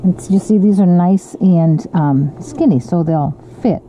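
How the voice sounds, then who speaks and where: Woman, home crafter, casual chatty tutorial delivery, lowish voice, noisy lo-fi recording. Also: unhurried, dark tone. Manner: chatty, with frequent ums and self-corrections. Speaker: card-making demonstrator. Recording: lo-fi with audible background noise.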